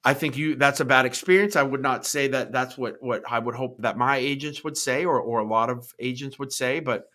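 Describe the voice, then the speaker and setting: A man's voice: mid-range voice, brisk, hardly any pauses, pushed and bright. A middle-aged man hosting a podcast, talking through his ideas off the cuff, often restarting his words and tagging points with "right?" as he answers live comments. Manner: thinking aloud, repeats words, tags points with "right?". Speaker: podcast host.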